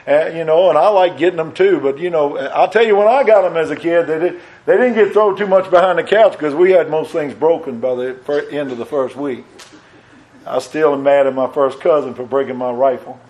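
A middle-aged man preaching a folksy sermon in a church, with restarts, rising in pitch and volume when he stresses a point. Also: a little fast, darkish tone, rough recording. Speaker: pastor.

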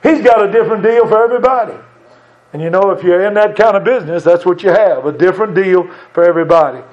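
A man's voice: sits high, fast, darkish tone. A man preaching a folksy church sermon, talking conversationally and asking the congregation rhetorical questions. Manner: conversational, asks rhetorical questions, chuckles now and then. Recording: dull lo-fi church recording.

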